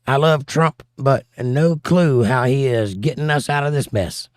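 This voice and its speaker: A man's voice: a little high, measured pace, few pauses, dry recording, studio quality. A man hosting a casual livestream, reading out viewer comments and answering them in an offhand way. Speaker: show host.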